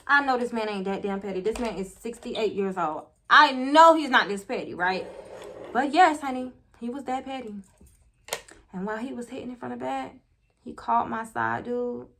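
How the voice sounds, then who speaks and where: Young female vlogger, high bright voice, lively storytime delivery with frequent laughs. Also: a little slow, pauses often, a little hiss or hum. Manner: animated, laughs often, talks straight to viewers. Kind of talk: casual storytime while doing makeup.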